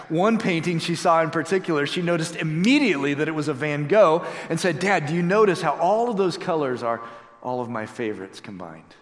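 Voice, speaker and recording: A man's voice: fairly high pitch, a bit bright. Middle-aged male pastor, storytelling sermon, recorded in a reverberant sanctuary. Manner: storytelling, emphatic preaching. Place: church sanctuary. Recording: echoey hall with long reverb.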